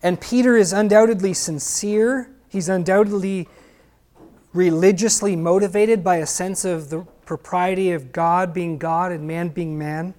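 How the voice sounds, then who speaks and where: A man's voice: high voice, fairly even intonation, measured pace, a little mellow. A male pastor giving an explanatory sermon who keeps asking his listeners rhetorical questions.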